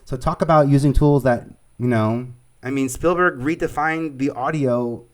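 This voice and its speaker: A man with a New York accent, a producer and casting director, chatting as an interview guest in an animated way, laughing easily and restarting his sentences. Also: medium pitch, moderate pace. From Staten Island, New York. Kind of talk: conversational storytelling.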